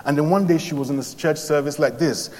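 A man's voice: fairly high pitch, brisk, darkish tone. Young man preaching in a reverberant church hall, earnest delivery and frequent fillers. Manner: earnest, retelling scripture with quoted voices, many fillers. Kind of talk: sermon.

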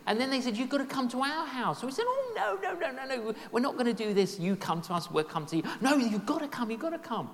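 A woman's voice: fairly high pitch, animated, quick pace, few pauses. A woman preaching a sermon, telling personal stories and repeating key phrases for emphasis. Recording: long hall reverb.

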